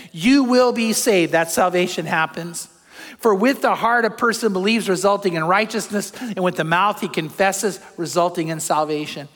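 An older man, a pastor, preaching a sermon in a church, telling stories with animated shouts. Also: high voice. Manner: animated storytelling, acts out crowd shouts. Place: church sanctuary. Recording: long hall reverb.

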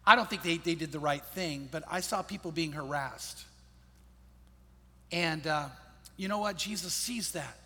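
A man's voice: sits high, bright, forceful tone, breathy edge. A man preaching a sermon in a conversational, storytelling way, repeating his key phrases. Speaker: pastor. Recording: long hall reverb.

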